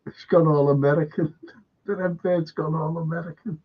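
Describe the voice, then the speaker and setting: Scouse guy on a live stream, kinda high voice, husky, dull lo-fi audio. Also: steady tone, normal speed. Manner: emphatic, repeats himself, quizzes his viewers. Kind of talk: rambling live-stream commentary.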